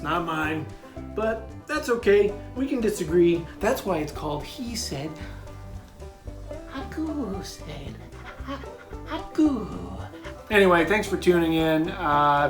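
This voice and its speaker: A man giving a comic, deadpan review of a children's book, with mock-confessional asides. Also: fairly high pitch, moderate pace, echoey room, over music.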